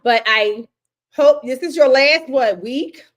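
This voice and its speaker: An older woman with a Baltimore accent and a high, bright voice chats with a laugh never far away. Her voice is worn and going hoarse, and she teases as she talks. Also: slow. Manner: laughing, animated, teasing. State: losing her voice. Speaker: podcast co-host. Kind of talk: casual chat.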